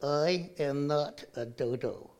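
A man's voice: a little high, slow, darkish tone, clear, resonant tone. A man voicing a touchy male dodo bird puppet in denial, stubborn and insistent during a puppet skit in a children's message. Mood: indignant.

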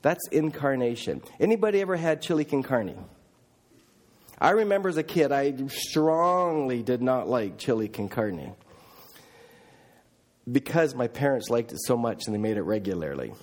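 A middle-aged man preaching a sermon as a missionary, telling stories earnestly and emphatically, often dropping quiet and then rising again. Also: mid-range voice, lively intonation, moderate pace. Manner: earnest, emphatic, with restarts and swings from loud to quiet. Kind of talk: sermon storytelling.

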